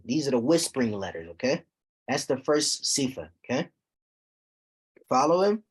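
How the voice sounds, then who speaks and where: Man, husky voice, teacher in a classroom, repeats himself, keeps asking if students follow. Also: medium pitch, lively intonation, normal speed. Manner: repeats points, checks students with "okay?". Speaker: Quran recitation teacher. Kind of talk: classroom lesson.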